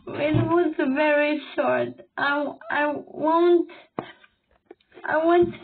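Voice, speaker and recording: A woman talking through tears in a reaction video, halting, repeating herself and apologizing. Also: high-pitched, fairly even intonation, vocal fry. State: crying. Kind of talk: emotional reaction commentary. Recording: thin phone-like audio.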